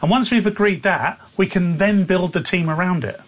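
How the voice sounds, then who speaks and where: Male radio co-host, slightly high voice, relaxed, thinking out loud. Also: moderate pace, slight background noise. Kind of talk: casual radio chat.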